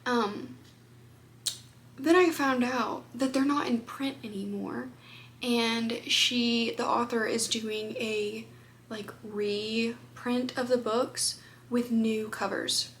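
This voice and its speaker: Woman vlogger, casual chatty delivery, voice a touch high, faint background hiss. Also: fairly even intonation, takes it slowly. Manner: chatty, rambling, lots of "like" fillers. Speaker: book vlogger. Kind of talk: casual chat to camera.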